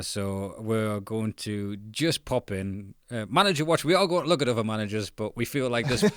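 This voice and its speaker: A man talking football on a podcast, his voice sitting fairly low. He rambles cheerfully and slips into jokes. The sound is dry and close, with no room around it. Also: a bit bright, clean tone, dry recording. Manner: laughs often, jokey and rambling, drifts into mocking impressions. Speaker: podcast co-host. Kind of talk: casual football chat.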